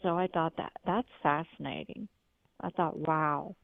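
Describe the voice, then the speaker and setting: Caller, woman, low-ish fry-heavy voice, rambling testimony; dry, phone-thin sound. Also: a little slow, dry recording. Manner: rambling storytelling with frequent restarts. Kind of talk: call-in testimony. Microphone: telephone. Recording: tinny phone line, dry.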